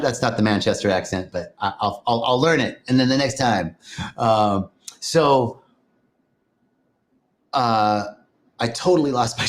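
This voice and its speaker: A middle-aged man teaching on a live stream, greeting viewers by name and speaking in a gentle, sing-song way. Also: medium pitch, unhurried, pauses often. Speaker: livestream host and spiritual teacher.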